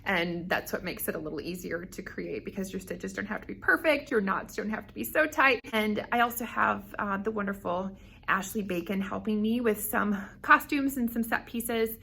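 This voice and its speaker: A woman's voice: medium pitch, moderate pace, creaky, bright, forceful tone, slightly rough. A woman directing a school play, upbeat and explanatory in a behind-the-scenes interview.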